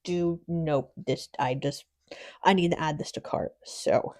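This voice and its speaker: A woman's voice: low voice, measured pace, a little mellow. A woman hosting a casual nail product unboxing, gushing with little exclamations and sometimes dropping into a whisper. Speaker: nail channel host. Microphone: phone.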